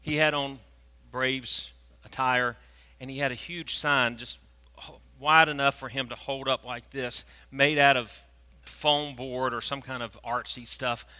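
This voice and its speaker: A preacher, telling a story in a sermon and swinging from hushed tones to loud, animated moments. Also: male voice, mid-range voice, unhurried, clear, resonant tone. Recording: long reverb of a large hall.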